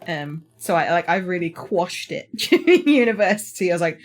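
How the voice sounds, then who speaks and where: English woman co-host, lower voice, self-mocking and quick to laugh in loose chat. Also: sing-song. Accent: British English. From Somerset, England. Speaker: podcast co-host. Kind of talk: casual chat.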